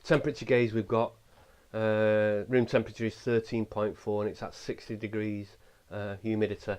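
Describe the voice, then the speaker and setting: A man with an English accent explains his equipment in a halting way, with many fillers. He politely calls out to spirits while investigating a small old house. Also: on the low side, flat delivery, darkish tone, clean tone. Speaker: paranormal investigator. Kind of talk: ghost-hunting walkthrough.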